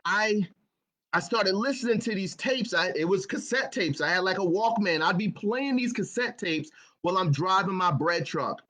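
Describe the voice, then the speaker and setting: A man with a high voice, telling his own story as a motivational speaker. His tone is bright and forceful. He speaks earnestly and often doubles back on his words. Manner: earnest, repeats words and phrases. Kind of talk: personal storytelling talk.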